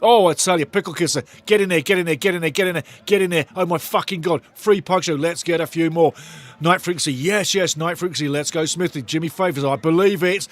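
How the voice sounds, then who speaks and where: A man hosting a live football watch-along, commenting as a fan and talking to the viewers in chat. He gets excitable and loud and swears a lot. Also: on the high side, fast.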